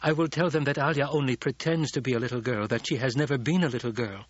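A man reading an audiobook, voicing a fierce, protective middle-aged tribeswoman with a sharp, commanding delivery in a raised voice. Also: medium pitch, fast, dry recording, lo-fi sound, close to an everyday voice. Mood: firm. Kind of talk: audiobook character voice.

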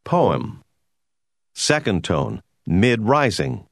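Male course narrator, deep and expressive, measured explanatory read, dry booth. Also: vocal fry, no echo. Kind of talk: scripted educational narration.

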